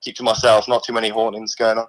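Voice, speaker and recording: A man's voice: on the low side, flat delivery, fast talker, natural voice, rough recording. A man voicing a laid-back male ghost of a severed hand with a put-on Australian accent, casual and matey, as a comedy phone-in caller. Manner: matey, casual, calls everyone mate.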